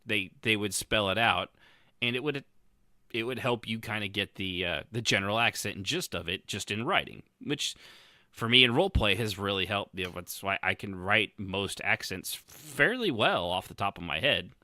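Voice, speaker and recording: A podcast co-host chats casually about roleplay, rambling and restarting often. His voice sits on the low side and is expressive, bright and forceful at a normal speed. The studio recording is clean with no echo.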